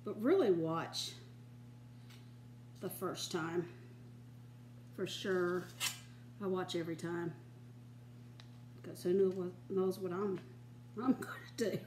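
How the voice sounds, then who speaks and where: A woman's voice: on the low side, fairly even intonation, takes it slowly, pauses often, darkish tone, roomy sound, a little hiss or hum. An older woman hosting a home cooking show, chatting in a folksy way and giggling often. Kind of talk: casual home cooking demonstration. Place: home kitchen.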